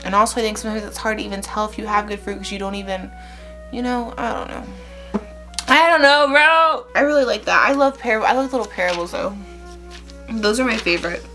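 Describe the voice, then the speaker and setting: A woman's voice: mid-range voice, fast talker, fairly bright tone, soft background music. A woman hosting a casual Bible-reading vlog, chatty and slangy, laughing often between words.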